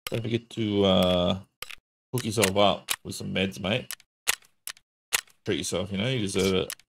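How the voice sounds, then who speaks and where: A man's voice: deep voice, steady tone, measured pace, gravelly. A man streaming a shooter game, chatting casually and joking with a teammate. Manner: joking, sings and does silly accents. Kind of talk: casual gaming stream chat. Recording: noisy home stream recording.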